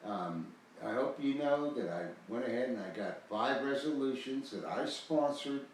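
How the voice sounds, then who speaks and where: An animated older American man, medium-pitched and moving at a moderate pace, casually promotes a foreclosure guide he's selling. His talk is loose and folksy, with heavy stress on important words. A far-off mic picks him up in a room with lots of echo.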